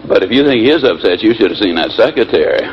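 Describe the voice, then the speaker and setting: A male motivational speaker telling anecdotes in an animated storytelling manner, on a dull lo-fi recording. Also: on the low side, fast talker, background noise. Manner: animated storytelling with lively voice shifts. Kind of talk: motivational speech with acted anecdotes.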